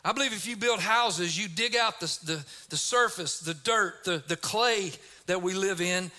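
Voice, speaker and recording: A middle-aged male pastor delivers an energetic sermon. His voice sits high and rings bright, rising to emphatic shouts as he drives his points home. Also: moderate pace.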